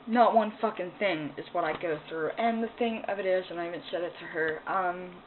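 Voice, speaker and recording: A woman's voice: lowish voice, a little fast. A woman ranting in a personal vlog, angry, upset and emotional, swearing as she talks. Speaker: vlogger. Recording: tinny phone-like sound, faint noise.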